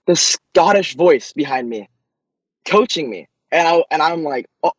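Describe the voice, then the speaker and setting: A young man, a racing driver, answering interview questions eagerly, with many quick restarts. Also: on the high side, lively intonation, no echo, poor audio.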